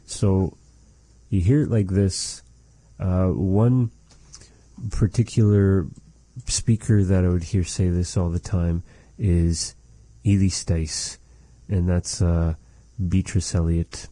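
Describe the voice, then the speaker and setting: A man teaching a language lesson, measured and repeating phrases to model how they are said. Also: low voice, steady tone, warm tone, no echo.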